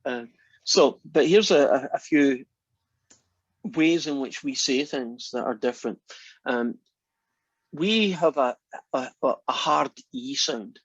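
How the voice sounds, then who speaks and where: A man's voice: mid-range voice, takes it slowly, pauses often, husky, no echo, dull audio. A Scottish man giving a math lecture in a classroom, chatty and often restarting his sentences. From Scotland.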